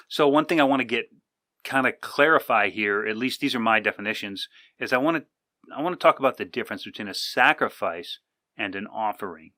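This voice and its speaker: Bright-voiced man rambling through a podcast. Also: on the low side, animated, fairly quick, no room sound, studio quality. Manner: rambling, conversational, with many fillers and restarts. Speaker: podcast host. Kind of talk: casual monologue. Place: indoors, sitting with coffee.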